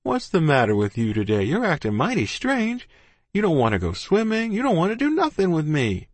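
A man's voice: on the high side, wildly swooping pitch, fairly quick, no room sound, pitched above the performer's own voice. A man doing a lanky country boy. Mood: gloomy. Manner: folksy rural dialect, plainspoken. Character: lanky, friendly country boy, easily hurt.

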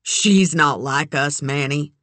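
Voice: mid-range voice, slow, a bit bright, no room sound. A reader voicing a wounded woman fighting to protect a child in an audiobook thriller, her voice pleading and tearful. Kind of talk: audiobook character voice.

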